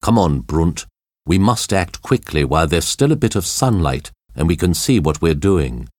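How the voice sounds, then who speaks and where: In a storybook reading, a man with a low, very animated voice plays a steady, injured crash survivor who takes charge. He speaks firmly and urgently at a moderate pace, and the recording is dry with clean studio sound.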